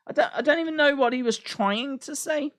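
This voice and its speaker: A man's voice: extremely high pitch, normal speed, fairly bright tone, no room sound, clean studio sound. A man reacting live to a wrestling show, repeating lines and laughing at his own jokes.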